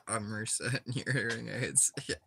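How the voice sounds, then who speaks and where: A young man talks loosely while he plays a game. His voice is bright and sits in a middle pitch range. He rambles from one thought to the next, full of "like" and quick giggles. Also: vocal fry, a little hiss or hum. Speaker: gaming streamer. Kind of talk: casual chat while playing a game.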